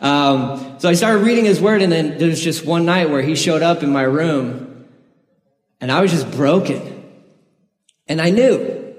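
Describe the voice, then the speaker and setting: Earnest pastor preaching in an echoey hall. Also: male voice, a little high, measured pace, long pauses. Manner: earnest, testimony-style storytelling with laughs. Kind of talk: sermon.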